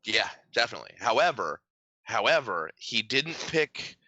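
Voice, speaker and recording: Bright-voiced joking podcast host man. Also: lowish voice, big pitch swings, normal speed, no room sound, dull audio. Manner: joking, slips into mocking voices. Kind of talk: casual comedic chat.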